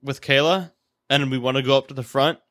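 A man's voice: medium pitch, fairly even intonation, a little fast, a bit bright, dry recording, studio quality. A young man in casual chat, blunt and crude, joking around.

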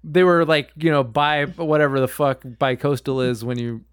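Brief: man, smooth clear voice, dry close sound, rambling casual film talk. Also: a little high, normal speed, no room sound. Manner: rambling, many fillers and restarts, swears.

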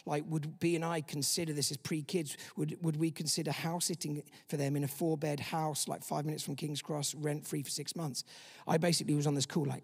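Man, pastor, sermon, high voice, animated, long hall reverb. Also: normal speed, creaky, husky. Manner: animated preaching with acted-out inner voices.

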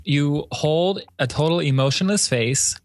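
A man in a casual chat giving wry, deadpan advice as an orchestral musician. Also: fairly high pitch, unhurried, dry recording.

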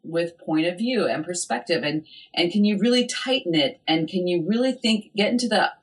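A woman literary agent talking casually in an interview, animated and chatty, with lots of "like" and "I mean" fillers. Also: lowish voice, moderate pace.

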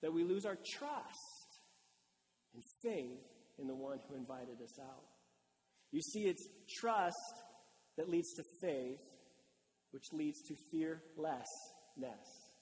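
A male pastor gives a casual, lively sermon and slips into short acted-out quotes. His voice sits high for a man. The sound carries a long reverb, as in a large church hall. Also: slow pace, pauses often. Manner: conversational and animated, acting out quotes.

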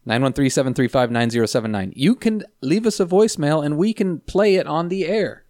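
A man's voice: fairly high pitch, expressive, a little fast, darkish tone, no echo, studio quality. A man co-hosting a podcast in casual chat, with wry, joking remarks. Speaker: podcast co-host. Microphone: headset mic.

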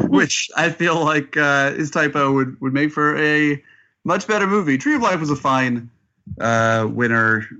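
A man's voice: on the high side, sharp tone, muffled recording. A man, a film critic on a podcast panel, chatting casually with dry humor.

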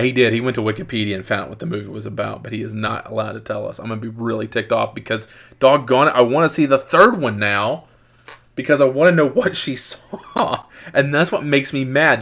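A man hosting a casual podcast, talking in a rambling, excitable way and often correcting himself mid-sentence. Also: mid-range voice, a little fast, creaky. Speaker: podcast host.

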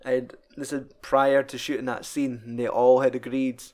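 A man's voice: medium pitch, level tone, normal speed, darkish tone. A young man, casually chatting about a film, swearing often and laughing as he retells scenes. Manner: sweary, laughing, quotes film lines in put-on voices.

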